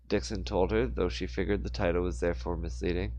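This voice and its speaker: A man's voice: low voice, brisk, vocal fry, hardly any pauses, darkish tone, highs cut off. Man casually reading a book aloud. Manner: informal, stumbles and self-corrects. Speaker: audiobook reader.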